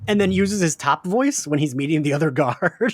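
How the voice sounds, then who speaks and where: A man's voice: on the high side, animated, normal speed. A man with a Philadelphia-area accent co-hosting a podcast, talking casually, laughing often and swearing now and then. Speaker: podcast co-host. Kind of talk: casual chat.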